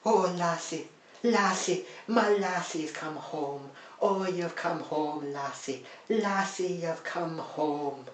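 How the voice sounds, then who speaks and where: A man voicing a teary, overwrought boy in a mock Scottish accent, high and sing-song, recorded in an echoey room. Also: takes it slowly, slight background noise. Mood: gushing.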